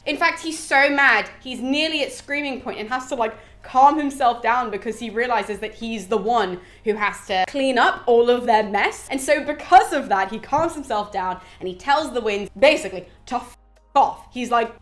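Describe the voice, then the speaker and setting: A woman with a somewhat high voice walks through an ancient epic as if gossiping with a friend. Her tone is animated and full of asides. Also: normal speed. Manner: chatty, animated storytelling with frequent asides. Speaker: literature explainer. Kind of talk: casual retelling of a classic.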